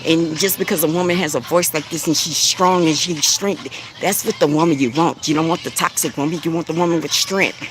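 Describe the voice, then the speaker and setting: A woman with a deep, bassy voice gives a spiritual coaching monologue, preachy and repetitive, chuckling between phrases. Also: steady tone, brisk, hardly any pauses, slight background noise. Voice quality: deep voice with bass. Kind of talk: spiritual motivational monologue to camera.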